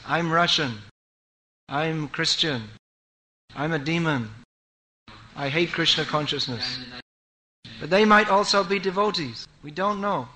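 A man's voice: high voice, sharp tone, slight background noise, low-quality recording. A man giving a sermon, telling stories with emphatic repetition. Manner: emphatic storytelling, repeats for stress. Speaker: preacher.

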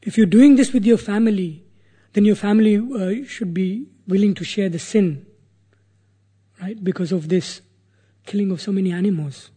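Guy doing a stern sage scolding, husky and kinda high. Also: normal speed, mellow. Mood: rebuking. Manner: challenging, rebuking questions. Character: wandering male holy sage, stern teacher.

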